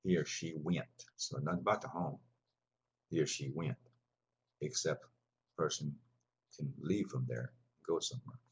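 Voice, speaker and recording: Male language teacher, deep and heavily husky voice, patient and repetitive classroom delivery. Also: normal speed, pauses often. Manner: rambling, patient, repeats words for students. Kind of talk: classroom lesson explanation.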